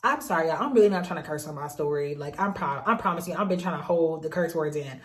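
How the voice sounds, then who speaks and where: A young adult woman telling a dating story in a vlog, sassy and animated, with laughing asides. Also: low voice, fast talker. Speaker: vlogger.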